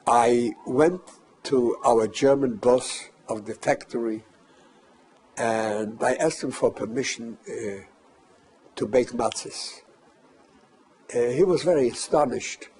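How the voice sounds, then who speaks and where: An older man recounting a personal memory as testimony, measured and halting with pauses. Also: mid-range voice, a little mellow, husky. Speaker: survivor giving testimony.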